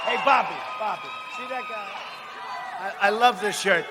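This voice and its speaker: A man giving a rally speech in a large arena, mocking and repeating himself and shouting lines to the crowd. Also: high voice, normal speed. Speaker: political speaker at a rally. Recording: long arena reverb, faint noise.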